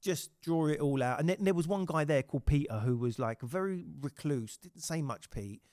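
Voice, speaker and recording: A podcast host with a slightly high voice and moderate pace leads a casual chat, swearing freely while telling animated stories full of acted-out quotes. Clean studio sound, no room sound.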